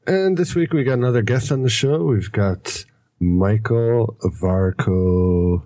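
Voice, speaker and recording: A man hosting a podcast, introducing his co-hosts and guest in a friendly, steady way. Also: lowish voice, unhurried. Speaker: podcast host.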